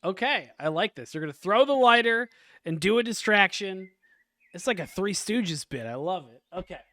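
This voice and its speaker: Man, game master, clear smooth voice, dry close sound, relaxed with lots of fillers. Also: high voice, no room sound. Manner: laid-back, chuckling, many fillers. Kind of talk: narrating a casual tabletop game.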